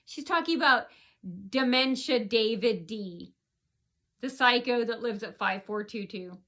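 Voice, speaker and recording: A woman's voice: fairly high pitch, a little slow, bright, forceful tone. A woman vlogger telling a personal story in an indignant, rambling rant, often repeating herself.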